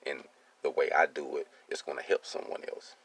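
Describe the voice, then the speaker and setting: Man: a very low voice with gravel in it, casual and streetwise, keeps checking in with the listener. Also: steady tone, brisk, a bit bright. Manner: streetwise, keeps asking "you see what I'm saying". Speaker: welding business owner. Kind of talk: casual personal monologue.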